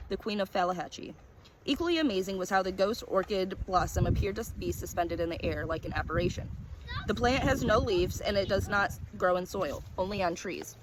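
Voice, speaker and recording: A woman narrating a first-person short story in a calm, descriptive reading manner. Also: on the low side, background noise.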